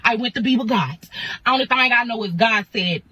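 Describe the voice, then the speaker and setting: A woman's voice: fairly high pitch, a little fast, sharp tone, slightly rough, rough recording. A woman telling a dramatic storytime in slangy, punchy talk full of sound effects. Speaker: storytime creator. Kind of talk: animated storytime.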